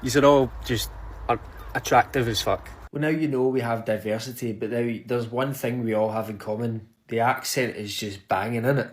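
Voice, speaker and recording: A man's voice: mid-range voice, steady tone, normal speed, no room sound. A Scottish man with a Scottish accent speaks in a brash, emphatic way, swearing freely in a casual social media video. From Scotland.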